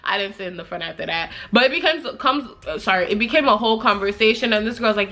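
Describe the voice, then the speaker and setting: Bright-voiced young woman vlogger. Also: medium pitch, quick pace, few pauses. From Nigeria. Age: young adult. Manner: animated, laughs often, acts out quoted voices. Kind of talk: casual storytelling chat.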